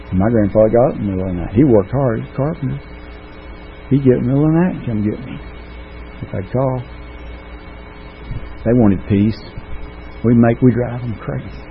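A middle-aged man giving a recovery meeting testimony, telling his story with folksy, self-mocking humor. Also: fairly low pitch. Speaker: recovery speaker. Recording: tinny phone-like recording with faint noise.

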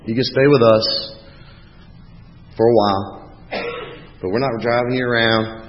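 A man's voice: medium pitch, fairly even intonation, unhurried, natural voice. Stern mother, as a man quotes her. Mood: firm. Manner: firm, blunt. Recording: echoey hall, dull lo-fi sound.

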